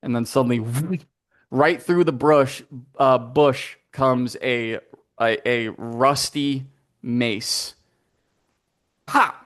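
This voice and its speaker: A man narrating as game master of a tabletop game, playful and animated, with sound effects. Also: medium pitch, takes it slowly.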